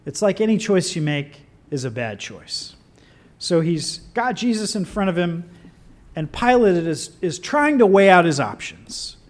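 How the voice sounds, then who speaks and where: A man preaching a sermon in an animated, conversational way with wry asides. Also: sits high, a little slow.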